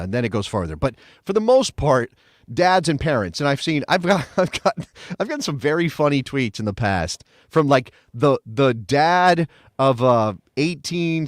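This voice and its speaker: A man co-hosting a casual sports podcast chat, jokey and animated, laughing often. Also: mid-range voice, no echo, studio quality. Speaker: co-host.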